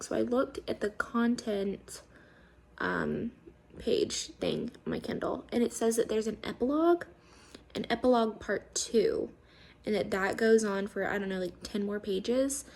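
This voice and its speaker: A woman's voice: a little high, moderate pace, gravelly. A woman chatting casually on a video blog about books she is reading, gushing and emotional, with many fillers. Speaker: book reviewer. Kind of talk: casual vlog book reactions.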